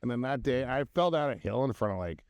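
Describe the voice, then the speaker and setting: A man's voice: medium pitch, lively intonation, quick pace, darkish tone. A man in his thirties co-hosting a casual drinking podcast, telling profane, giggly stories. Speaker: podcast co-host.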